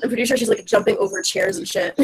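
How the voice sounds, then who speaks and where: A woman's voice: fairly high pitch, steady tone, quick pace, slight background noise, poor audio. A woman playing a tabletop game, joking casually with the group. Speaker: player.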